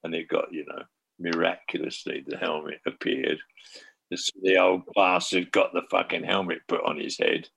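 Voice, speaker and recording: A man, a former band manager, telling a profane and animated backstage anecdote in casual talk. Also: sits low, normal speed, vocal fry, slightly rough.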